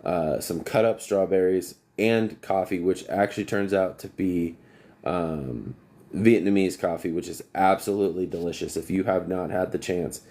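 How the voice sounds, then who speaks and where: A man's voice: deep voice, moderate pace, warm tone. A man who works as an HVAC technician, telling long rambling stories on a casual livestream and breaking off to greet viewers.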